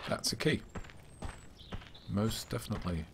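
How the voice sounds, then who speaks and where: A slightly hoarse man giving casual, wry let's-play commentary as a gaming channel host. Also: fairly low pitch, lively intonation, a little slow, noisy background. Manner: wry and offhand.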